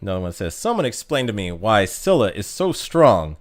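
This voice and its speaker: Lively, joking male streamer. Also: lowish voice, normal speed, soft background music. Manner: joking, rambling, laughs at his own jokes. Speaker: livestreamer reading chat. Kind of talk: casual livestream chat.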